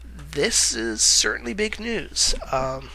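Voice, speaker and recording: A man's voice: a little high, sing-song, slow pace, creaky, bright, forceful tone, poor audio. A man giving casual movie-news commentary in a vlog, rambling with lots of "uh" fillers, correcting himself and chuckling wryly at his own remarks.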